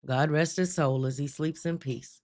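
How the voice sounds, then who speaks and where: Woman host talking to her live chat, lowish voice, emphatic, laughs a lot. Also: fairly even intonation, darkish tone. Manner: emphatic, drawn-out storytelling, laughs often. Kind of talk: spoken testimony to a live chat.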